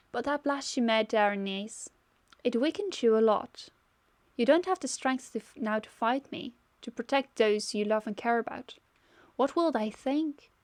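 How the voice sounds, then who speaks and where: A woman's voice: on the high side, dry recording, natural voice. A woman voicing a mocking villainous aunt. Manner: taunting, gloating.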